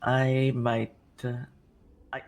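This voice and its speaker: Groggy man, gravelly fry, matter-of-fact role-play chat. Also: medium pitch, flat delivery, very slow, a little hiss or hum. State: groggy morning voice.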